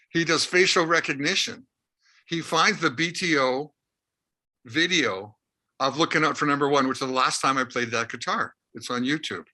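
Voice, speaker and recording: An older man from Canada, a rock musician interviewed as a guest, telling a long anecdote in a lively way and acting out the dialogue. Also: a little high. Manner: lively anecdotal storyteller, acts out quoted dialogue. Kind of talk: animated storytelling.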